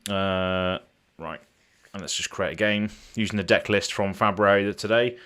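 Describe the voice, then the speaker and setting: A man with a fairly low voice talks loosely to his stream audience. He wanders through his thoughts with plenty of ums and repeated words. He sounds close to a desk mic. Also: steady tone, moderate pace, bright, forceful tone, clean tone. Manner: rambling, with frequent ums and restarts. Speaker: game streamer. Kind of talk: casual live-stream chat.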